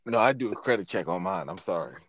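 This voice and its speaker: A man's voice: sits low, expressive, quick pace. A man co-hosting a podcast, chatting in a joking way. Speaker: podcast co-host. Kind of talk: casual podcast chat.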